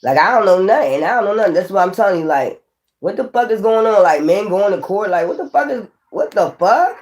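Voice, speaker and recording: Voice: medium pitch, lively intonation, fairly quick. Tarot reader, casual rambling delivery, heavy profanity, emphatic repetition. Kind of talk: casual tarot reading to camera.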